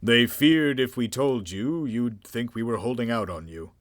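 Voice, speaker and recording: A man voicing a stern male police commander who gives brisk, matter-of-fact orders. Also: medium pitch, close to an everyday voice. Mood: guarded.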